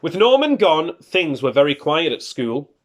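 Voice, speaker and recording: A woman teacher reads a picture book aloud for small children, her pitch rising and falling with lively expression. She takes it slowly, savoring each line. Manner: animated, expressive storytelling. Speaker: primary school teacher.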